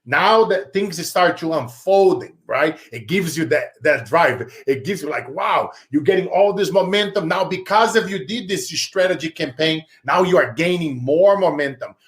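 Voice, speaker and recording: A Brazilian man with a Brazilian Portuguese accent, a success speaker, guests on an interview and tells stories with fervent energy, calling the host "bro." His voice is fairly high, bright, and expressive, at a normal speed with hardly any pauses in the animated talk.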